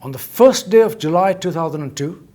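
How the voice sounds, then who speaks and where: A man's voice: on the high side, animated, brisk, mellow. A man making an emphatic, accusatory statement at a press conference, repeating his key phrases. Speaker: inventor speaking at a press conference.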